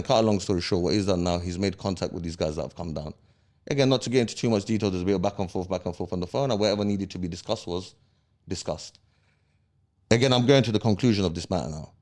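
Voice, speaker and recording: A man talks as a podcast guest, his voice sitting on the low side. He tells his story heatedly in street slang. He keeps checking in with his listener. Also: a little mellow. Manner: street slang, checks in with "yeah?" after each point; heated, emphatic retelling. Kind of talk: casual storytelling interview.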